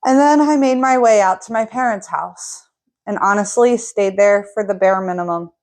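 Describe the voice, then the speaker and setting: A young woman casually telling a personal story, getting animated as she recounts an argument. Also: medium pitch, normal speed.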